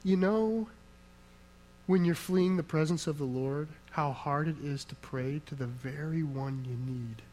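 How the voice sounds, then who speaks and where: A male pastor delivering a sermon with a voice a touch higher than most men's. He talks emphatically and conversationally, posing rhetorical questions and answering them himself, with frequent asides to his listeners. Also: unhurried, darkish tone, a little hiss or hum, poor audio.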